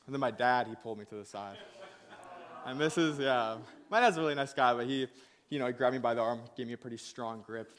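A man's voice: mid-range voice, fast talker, a bit bright. A young man preaching in a casual storytelling way, laughing at himself and acting out the people in his story. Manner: laughing, self-mocking, acts out quoted voices. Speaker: pastor.

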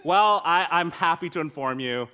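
A man's voice: on the high side, lively intonation, moderate pace, bright, forceful tone, clean tone. A pastor preaching an earnest, conversational sermon to his congregation, joking with them between serious points.

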